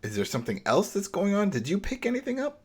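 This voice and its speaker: A man co-hosting a podcast, retelling an episode in a loose, rambling, animated way. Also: sits high, quick pace, slightly rough. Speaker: podcast co-host. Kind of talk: casual recap discussion.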